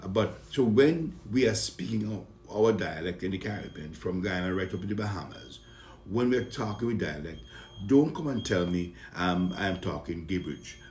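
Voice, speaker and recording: Speaking at a normal speed, this man from Saint Vincent has a deep, expressive, slightly mellow voice with a Vincentian accent. He's a comedian chatting casually and earnestly about his upbringing, turning heated at times and full of fillers and restarts. The audio is roomy with a little hiss or hum.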